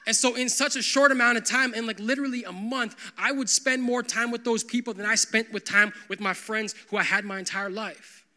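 Young male pastor, high bright voice, casual animated sermon delivery. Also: a little fast, hardly any pauses. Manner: conversational, animated, full of "like" fillers.

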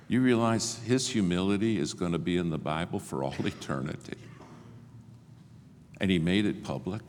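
An older man preaching a sermon, telling stories and acting out the dialogue with big swings in pitch and loudness. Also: moderate pace, slight background noise. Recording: long hall reverb, faint ambience.

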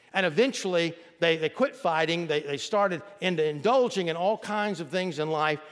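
A man's voice: high voice, in a large hall. A pastor delivering a sermon to his congregation, reading scripture aloud and calling on them to repeat words back. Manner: preaching, reads scripture aloud and leads the congregation in call-and-response. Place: church sanctuary.

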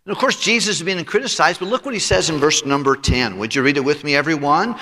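Preaching pastor with a bright voice. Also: male voice, on the high side, fast talker. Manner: preaching with voiced characters and congregational read-alongs. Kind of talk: sermon. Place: church sanctuary. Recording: reverberant church sanctuary.

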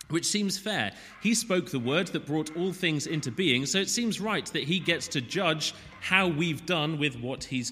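A man's voice: a little high, fairly bright tone, in a large hall. A man from Wales preaching a sermon, chatting and joking before he turns to his text.

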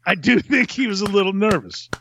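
A male podcast host telling an animated story, laughing often and swearing freely. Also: high-pitched, background noise.

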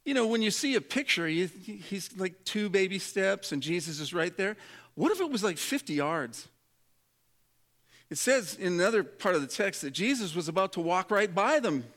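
The pastor speaks at normal speed in a high-pitched, fairly bright voice with lively intonation. His sermon is conversational and funny, and he performs the voices of the people he describes for the congregation.

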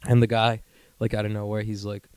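A man's voice: on the low side, monotone, fairly quick, darkish tone, smooth, no echo. A young man from the New York area hosting a podcast, telling a rambling, profane story in casual chat and laughing as he goes. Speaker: podcast host.

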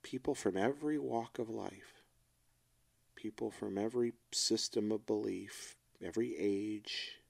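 A middle-aged man co-hosting a casual chat, talking in a reflective, emotional and halting way. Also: lowish voice, creaky, darkish tone, husky. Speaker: podcast co-host.

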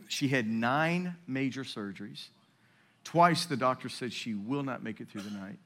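A man in his fifties preaching a sermon in a church, swinging between loud emphatic peaks and hushed, low storytelling. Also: animated, unhurried. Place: church sanctuary.

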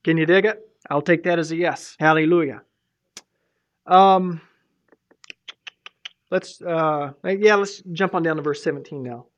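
Rambling pastor preaching casually. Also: male voice, fairly high pitch, unhurried, pauses often. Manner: rambling, informal, many fillers and restarts. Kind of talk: sermon. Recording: muffled lo-fi recording.

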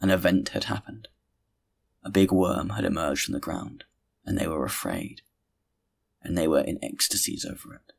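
A man narrating a classic novel as an audiobook reader, reading in a measured, deliberate way. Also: low voice, sing-song, vocal fry.

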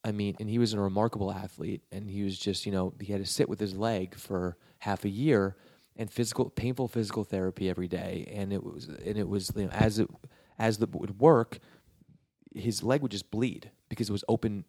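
A man's voice: fairly low pitch, fairly even intonation, a little fast, darkish tone, no room sound, studio quality. A man from New York telling a long personal story in a casual, rambling way, with many restarts and acted-out quotes. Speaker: guest telling his career story.

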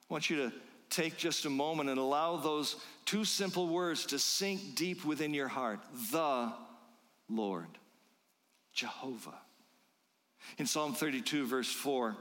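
A man preaching a sermon, emphatic and rhythmic, slowing down to quote scripture. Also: mid-range voice, a bit bright, big-room sound. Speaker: pastor.

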